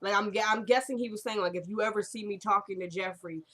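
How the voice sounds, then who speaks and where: A woman chatting casually through a recap of a TV episode, retelling the scenes line by line with lively, laughing asides. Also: mid-range voice, fast talker.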